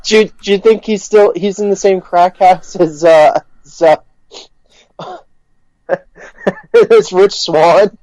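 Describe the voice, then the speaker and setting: A man's voice: high voice, steady tone, slow pace, long pauses, a little mellow, no room sound, low-quality recording. A man co-hosting a podcast, rambling through crude jokes with lots of giggling. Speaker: podcast co-host. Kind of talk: crude casual banter.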